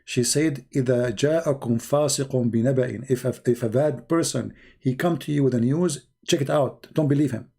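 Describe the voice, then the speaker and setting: A man's voice: mid-range voice, moderate pace, vocal fry, few pauses, a little mellow, breathy edge. A middle-aged man giving a sarcastic, theatrical live-stream monologue in broken English, mocking as an online religious debater.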